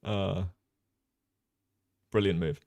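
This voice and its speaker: Brief: relaxed, low-voiced man hosting a casual chess livestream, lots of ums, dry close sound. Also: extremely slow, creaky, no echo. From Jersey. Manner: relaxed, chatty, many ums, reads chat aloud. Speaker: chess streamer and commentator.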